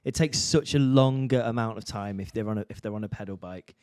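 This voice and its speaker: Sweary podcast co-host. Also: male voice, fairly low pitch, fairly quick, a little mellow, dry recording, studio quality. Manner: sweary, acts out quoted voices. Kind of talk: casual comedic chat.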